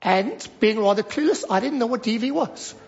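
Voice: mid-range voice, expressive, moderate pace. A preacher giving a sermon, emphatic and fond of repeating short phrases for stress. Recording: dull lo-fi recording.

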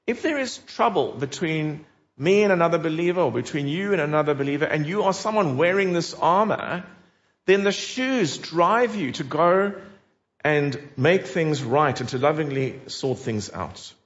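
A man's voice: fairly high pitch, lively intonation, normal speed. A man preaching a sermon in an earnest, emphatic way, putting direct questions to his listeners. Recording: dull lo-fi recording.

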